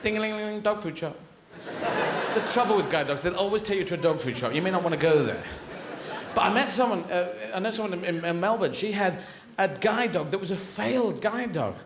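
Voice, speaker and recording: A man's voice: sits high, lively intonation, fast talker, a crowd in the background. A man from England doing rambling, surreal stand-up comedy on a large theatre stage. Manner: rambling, surreal, acting out voices. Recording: echoey theatre with loud audience.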